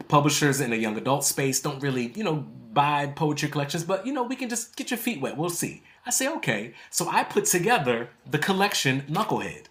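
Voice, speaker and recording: Animated man telling a story. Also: on the high side, a little fast, hardly any pauses. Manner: lively, acts out quotes, laughs often. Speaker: poet and author guest.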